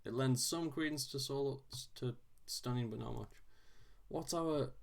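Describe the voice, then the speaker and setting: A man solving a crossword on video, thinking aloud in a casual, halting way with frequent restarts and self-deprecating asides. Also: mid-range voice, creaky.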